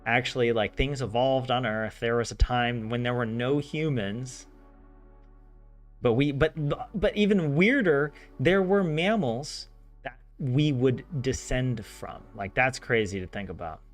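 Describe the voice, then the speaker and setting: Soft game music backs a measured, medium-pitched Southern man, from the southern U.S., as he studies a language on his vlog. His talk is casual and meandering, stuffed with "like" and punctuated by animated asides.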